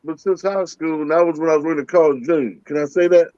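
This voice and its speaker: A man's voice: a little high, steady tone, quick pace, dark tone, no echo. A man telling a profane, punchy story as a comedy panelist. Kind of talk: casual storytelling. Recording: dull dry mic.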